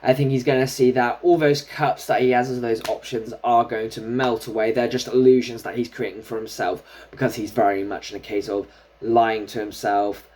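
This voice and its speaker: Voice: mid-range voice, little pitch movement, normal speed, a little mellow. A tarot reader giving a casual solo reading, chatting and thinking aloud while drawing cards.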